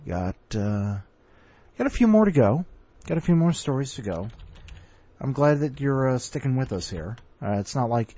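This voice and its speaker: A man's voice: mid-range voice, mellow, breathy edge. Joking man hosting, dull dry sound. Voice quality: joking, self-mocking, laughs often. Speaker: podcast host. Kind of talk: casual rambling chat.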